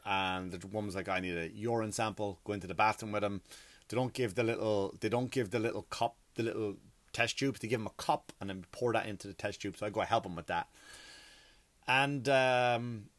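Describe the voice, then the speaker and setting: Rambling Irish comedian, dry close mic. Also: male voice, fairly low pitch, fairly bright tone, no echo. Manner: rambling, profane, frequent restarts and asides. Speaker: comedian and podcast host. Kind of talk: comic storytelling monologue.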